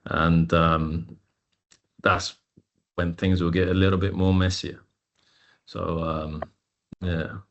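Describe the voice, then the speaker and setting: A man hosting a webinar over a video call, talking in a loose, relaxed way with many fillers. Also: low-pitched, slow pace, pauses often, highs cut off. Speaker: webinar host.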